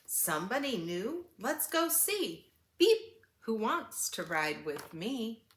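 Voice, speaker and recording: A woman's voice: fairly high pitch, big pitch swings, takes it slowly, a bit bright, roomy sound, slight background noise, pitched above the performer's own voice, exaggerated voice. A woman voicing a friendly, cheerful little truck in a storybook read-aloud.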